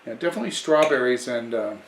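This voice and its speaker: A man's voice: medium pitch, fast, far from the mic, slight background noise. A man giving a casual wine tasting review in a chatty way, often restarting and correcting himself. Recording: echoey room, away from the mic.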